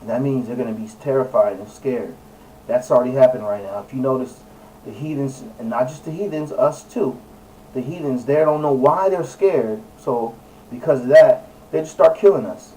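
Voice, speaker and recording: A man's voice: medium pitch, moderate pace, mellow, slight background noise. Man preaching from a distance. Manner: preachy and emphatic, with frequent fillers and self-corrections. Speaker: religious video presenter. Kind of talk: casual scripture teaching while reading aloud and searching online.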